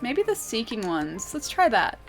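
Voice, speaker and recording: A young woman with a slightly high voice chats loosely with her stream viewers as she plays. She giggles a lot and trails off into asides and fillers. Faint game music plays behind her. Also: wildly swooping pitch, unhurried. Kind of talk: casual gameplay chat, reading chat aloud.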